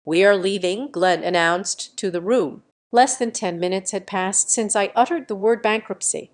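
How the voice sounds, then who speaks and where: A woman narrating a first-person story in an even, measured tone. Her delivery is steady, with the polish of scripted narration. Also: medium pitch.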